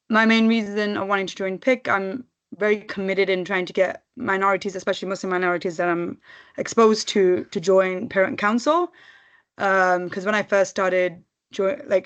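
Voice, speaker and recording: A woman's voice: medium pitch, a bit bright. Earnest female parent volunteer, muffled call sound. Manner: earnest, committed. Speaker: parent committee member. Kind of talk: virtual meeting introduction. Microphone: video call.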